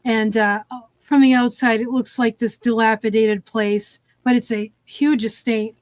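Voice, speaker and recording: A woman's voice: a little high, flat delivery, a little slow, a little mellow, no room sound. A woman hosting a casual movie review chat, recapping scenes with lots of "um"s. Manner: retelling scenes with many fillers. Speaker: podcast host.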